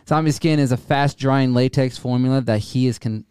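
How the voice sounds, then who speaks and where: A man's voice: mid-range voice, steady tone, moderate pace, a little mellow, clean tone, no room sound, studio quality. A man from co-hosting a casual podcast, rambling, swearing and stumbling over his words. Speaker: podcast co-host.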